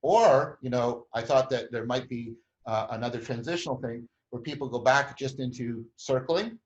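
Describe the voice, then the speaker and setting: A host with a medium-pitched voice and normal speed walks through a group process at length in conversation, with frequent restarts and tag questions. It's lo-fi audio with a bit of hiss or hum.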